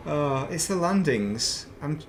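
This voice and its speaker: A man's voice: a little high, expressive, slow pace, a little hiss or hum. A man chatting casually while playing a game on stream, rambling between topics with self-deprecating asides at his desk mic. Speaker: gaming streamer.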